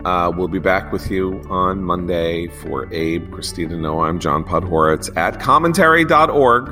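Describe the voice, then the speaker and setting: Guy hosting a politics podcast, kinda low voice, rambles and restarts a lot. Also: unhurried, soft background music. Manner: rambling, animated, self-interrupting. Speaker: podcast host. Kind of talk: political discussion.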